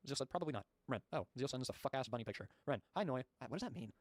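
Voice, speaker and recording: A male streamer who rattles through chat logs at a breakneck clip and cuts in with blunt, profane asides. His voice sits at an ordinary middle pitch. It sounds dry and close, with no room around it. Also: lively intonation, dry recording. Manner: rapid, blunt, swears casually. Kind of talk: reading chat logs aloud with commentary.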